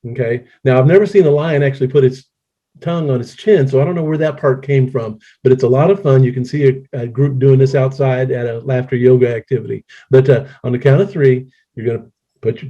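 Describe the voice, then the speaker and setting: Jokey man in his sixties, mellow voice. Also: mid-range voice. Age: 60s. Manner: jokey, playful, breaks into laughter. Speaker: laughter yoga presenter. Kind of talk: casual online presentation. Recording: dull lo-fi audio.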